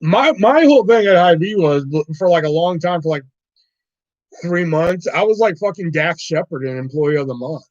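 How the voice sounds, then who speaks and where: A young man telling a work story casually, animated and profane, laughing now and then. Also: fairly high pitch, normal speed, no echo. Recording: dull dry lo-fi recording.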